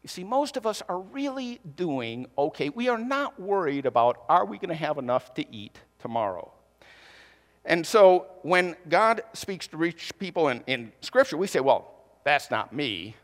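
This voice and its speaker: A man's voice: high voice, sing-song, moderate pace, in a large hall. A man preaching a sermon as pastor, conversational and teasing his congregation. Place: church hall.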